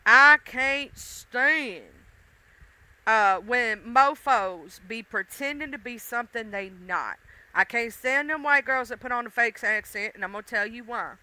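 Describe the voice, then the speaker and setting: A blunt, middle-aged woman chats casually with her live viewers and swears freely. Her voice is smooth and resonant, and it is recorded close and dry. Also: fairly high pitch, pushed and bright, no room sound. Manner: blunt, profane, talks straight to chat. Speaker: livestream host.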